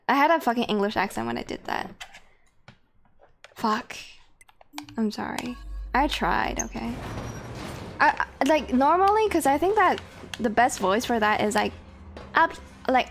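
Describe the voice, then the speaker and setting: A woman's voice: a little high, animated, moderate pace, gravelly, pauses often. A woman streaming a video game, chatting casually, bluntly and self-deprecatingly, swearing often. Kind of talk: casual gameplay commentary. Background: game music.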